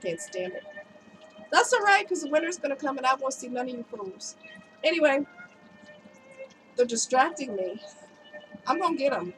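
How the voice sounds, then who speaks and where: Woman with a cold, fairly high voice, candid emotional vlog storytelling, soft music behind. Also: expressive, normal speed, pauses often, poor audio. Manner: emotional, chatty, talks straight to viewers. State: has a cold, voice slightly strained. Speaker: vlogger.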